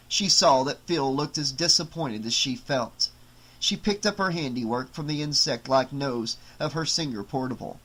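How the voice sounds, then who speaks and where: A man narrating an unabridged novel in a measured, dramatic storytelling voice. His pitch sits in an ordinary middle range for a man, and he paces the prose steadily. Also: fairly bright tone, low-quality recording. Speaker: audiobook narrator. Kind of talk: unabridged audiobook reading.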